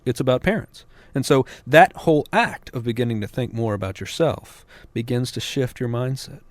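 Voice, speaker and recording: American man, parenting author, radio interview, earnest, mid-pitched, dry studio sound. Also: normal speed, dry recording. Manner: earnest, rising to emphatic peaks.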